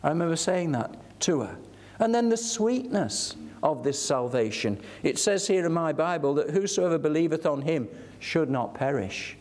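A man's voice: on the high side, a little mellow. An older man preaching a sermon, telling stories earnestly and building to fervent emphasis.

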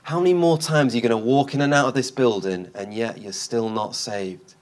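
A man preaching a sermon in a church, passionate, repeating phrases and swinging between loud and soft. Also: medium pitch, brisk. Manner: impassioned, repeats phrases, rises and drops in force. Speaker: street preacher, guest speaker.

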